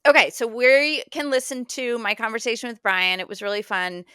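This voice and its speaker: A woman hosts a casual podcast chat, tossing in quick asides and plenty of filler words. Her voice is bright and crisp. It sits close and dry on the mic. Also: a little high, steady tone, dry recording. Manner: chatty, quick asides and frequent "like". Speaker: podcast host.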